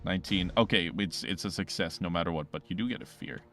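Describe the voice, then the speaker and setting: A man's voice: low voice, quick pace, a bit bright, soft background music. Man narrating as game master. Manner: dramatic narration, often searching for words.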